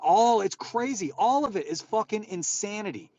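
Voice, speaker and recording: A man's voice: high voice, sing-song, brisk, few pauses, a little mellow, poor audio. Exasperated, swearing man hosting a chat. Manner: rambling, profane and exasperated. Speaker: host of a live audio chat room. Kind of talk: casual chat.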